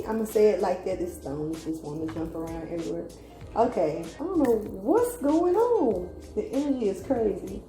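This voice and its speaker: A woman gives a loose, chatty tarot reading in a mellow, warm voice. She swears freely, laughs easily and wanders off into fillers before picking the thread back up. She sounds like she is in an echoey room, with faint music playing behind her. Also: mid-range voice. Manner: meandering, trails off with fillers. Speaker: tarot reader.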